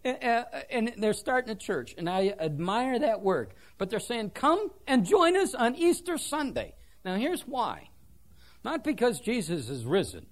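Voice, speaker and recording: Male pastor, church sermon, very lively pitch, self-deprecating storytelling.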